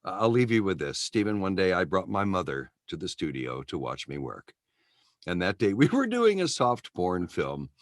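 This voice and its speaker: A man's voice: low-pitched, wildly swooping pitch, moderate pace, dry recording, clean studio sound. An American man co-hosting a podcast, telling stories in a playful, jokey way. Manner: playful storyteller. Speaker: podcast co-host. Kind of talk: casual interview chat.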